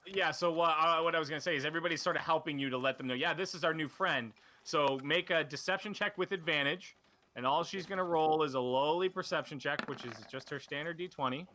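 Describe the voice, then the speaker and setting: Bright rambling male game master. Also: fairly high pitch, fast talker, slight background noise. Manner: rambling, lots of ums and self-corrections. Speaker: dungeon master. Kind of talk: narrating a tabletop game.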